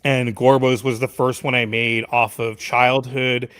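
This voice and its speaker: A man's voice: medium pitch, little pitch movement, unhurried, fairly bright tone, smooth. Laid-back man from Florida. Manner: laid-back storytelling, many "like" fillers. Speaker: guest creator. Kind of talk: casual interview.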